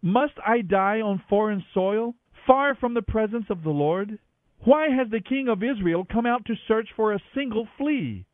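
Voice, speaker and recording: A man's voice: high voice, expressive, measured pace, no echo, pitched above the performer's own voice. A man reading aloud and voicing a young male warrior who speaks in an impassioned, raised declamation. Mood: pleading. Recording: dry, tinny phone-like radio sound.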